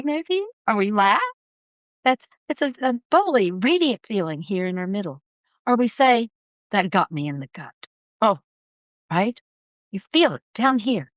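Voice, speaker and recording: A woman voice coach speaking in a podcast interview, with an expressive, emphatic teaching delivery. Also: on the high side, no room sound. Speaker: voice coach guest.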